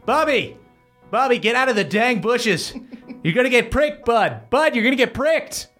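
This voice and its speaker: A man's voice: very high-pitched, lively intonation, moderate pace, fairly bright tone, soft background music, pitched above the performer's own voice. A man voicing a folksy young halfling father scolding and soothing his son. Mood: exasperated.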